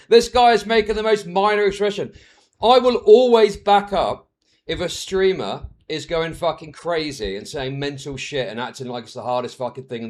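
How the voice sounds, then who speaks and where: A man ranting as a streamer reacting to clips, heated, sweary and exasperated. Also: fairly high pitch.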